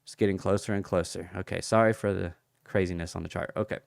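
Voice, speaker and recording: On a relaxed crypto livestream, a man with a lowish, smooth, clear voice analyzes charts casually, chatting, greeting viewers by name, reading their comments, and thinking aloud about price levels. He takes his time, though his pace is quick. The recording is dry and close with no room sound.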